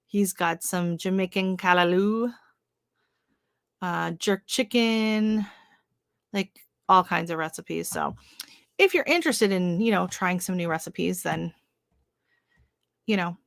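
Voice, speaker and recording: A woman's voice: on the low side, takes it slowly, gravelly, long pauses, no room sound, clean studio sound. A woman hosting a live stream, chatting casually with viewers, greeting them by name and rambling with lots of fillers. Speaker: livestream host. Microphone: livestream setup.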